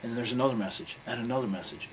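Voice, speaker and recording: A man's voice: mid-range voice, very fast. A man giving a candid interview, telling a story in a blunt, profane, rambling way. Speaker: interview guest, pro wrestler. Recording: steady background noise.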